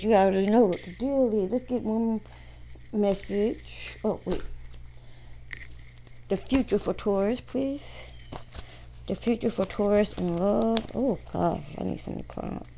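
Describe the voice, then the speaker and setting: A woman reading tarot cards for her viewers in loose, everyday slang, blunt and quick to swear. Her voice sits at an ordinary middle pitch. A faint hiss and small clicks run under her speech. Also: dark tone, poor audio. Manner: blunt, profane, slangy talk. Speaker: tarot card reader. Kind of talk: casual tarot reading to camera.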